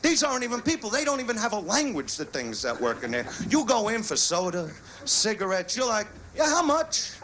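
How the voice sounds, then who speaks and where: A man's voice: high-pitched, very animated, a little fast, few pauses. A man doing a stand-up routine in a comedy club, with a brash, crude, swaggering delivery. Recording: live club recording with crowd noise. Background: audience laughter.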